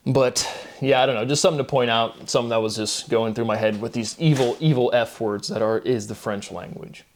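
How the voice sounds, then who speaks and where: A man's voice: mid-range voice, fairly quick. Rambling man musing on camera. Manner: rambling, musing, many fillers and restarts. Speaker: channel host. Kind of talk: casual solo monologue.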